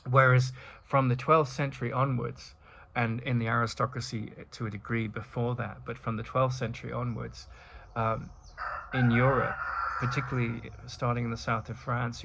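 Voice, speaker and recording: Middle-aged male host, mid-pitched and gravelly, reflective rambling monologue. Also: little pitch movement, normal speed, a bit bright, slight background noise. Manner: rambling, with many restarts and asides. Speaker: spiritual talk host.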